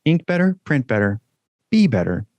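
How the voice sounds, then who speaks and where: A man co-hosts a podcast in easy, joking banter, with plenty of swearing. His voice sits at an ordinary middle pitch, and the close mic leaves the sound dry. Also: big pitch swings, moderate pace, darkish tone, no room sound, highs cut off. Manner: chatty, joking, swears freely. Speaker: podcast co-host.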